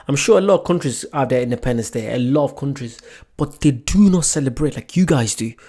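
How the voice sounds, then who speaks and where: A man's voice: mid-range voice, lively intonation, brisk, warm tone. A man hosting a reaction video, chatting casually and enthusiastically.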